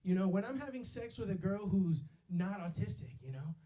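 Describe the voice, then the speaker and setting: High, lively young stand-up man. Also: moderate pace. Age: 20s. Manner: loose, slangy, peppered with yo and baby. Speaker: stand-up comedian. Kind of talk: stand-up set. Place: comedy club stage.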